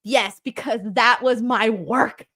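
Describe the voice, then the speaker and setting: A young woman with a fairly high voice, co-hosting a casual livestream. She reads viewer comments aloud and keeps laughing and joking at her own expense. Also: takes it slowly, a bit bright. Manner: laughs often, jokey and self-deprecating. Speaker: co-host of a wrestling review show.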